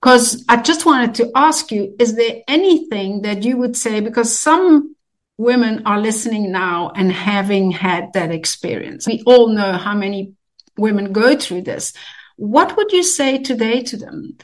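A woman hosts an interview in a somewhat high voice. She backs up her guest with short affirmations and asks questions in a halting way. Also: animated. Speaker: host.

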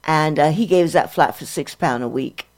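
An older woman hosts a music show and chats loosely between songs, with a slightly low voice. She gets excited, backs up and restarts her sentences, and drifts from one anecdote to the next. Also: normal speed. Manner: excitable and chatty, with many restarts and fillers. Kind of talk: rambling casual anecdote.

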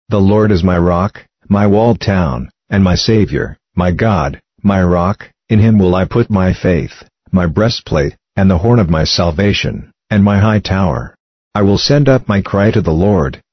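A man with a very deep voice reads psalms aloud in a steady, measured way. The sound is dry and close, with slightly dull, muffled audio. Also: dry recording. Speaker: scripture reader. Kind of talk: scripted reading of psalms.

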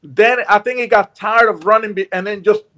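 A man telling a personal story in casual chat, animated and acting out what people said. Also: sits high, brisk. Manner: animated, acts out quotes.

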